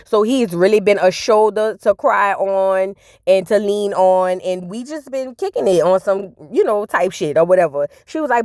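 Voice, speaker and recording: A woman's voice: mid-range voice, normal speed, darkish tone, dry recording, clean studio sound. A woman giving casual, sassy reaction commentary, telling the story in slang and acting out the people she quotes. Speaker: reality TV recap host.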